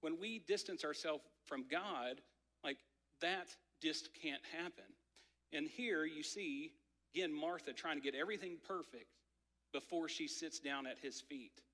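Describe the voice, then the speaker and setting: A man in his thirties preaching a sermon, telling a family story in a conversational, animated way with lots of filler words. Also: a little high, measured pace. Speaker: pastor. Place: church sanctuary. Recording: church hall reverb.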